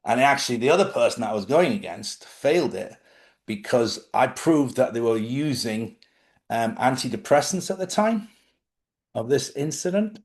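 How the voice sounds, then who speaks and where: A man's voice: mid-range voice, lively intonation, normal speed. A man, talking casually about spiritual living and telling stories from his own life, often checking in with his listeners. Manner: conversational storytelling, asks listeners questions. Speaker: host.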